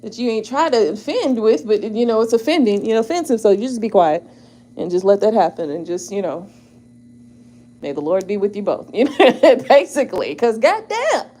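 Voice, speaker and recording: Animated laughing woman chatting casually. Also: fairly high pitch, brisk. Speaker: tarot channel host. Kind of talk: casual chat to viewers.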